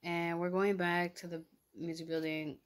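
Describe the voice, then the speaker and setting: A young woman with a slightly low voice tells a story casually into her camera between bites. Her talk is chatty and slangy, packed with "like" and acted-out reactions. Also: normal speed. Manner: chatty, slangy, animated retelling with lots of "like". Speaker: vlogger. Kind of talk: casual storytime while eating.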